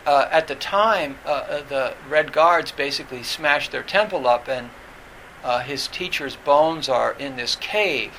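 A man teaching as a Zen teacher in a dharma talk, halting and full of fillers and restarts. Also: medium pitch, creaky, a bit bright, a little hiss or hum, low-quality recording.

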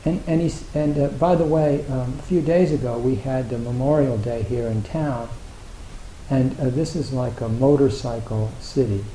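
A man's voice: medium pitch, fairly even intonation, normal speed, dark tone. A man giving a Zen dharma talk, rambling and self-deprecating, with lots of filler words. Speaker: Zen teacher. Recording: echoey hall with faint hiss.

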